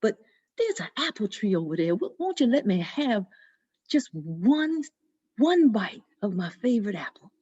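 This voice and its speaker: A woman's voice: medium pitch, sing-song, a little slow, warm tone, slightly rough, lo-fi sound. A woman voicing Jack, a sly, stingy, clever grown man with a wheedling, crafty manner.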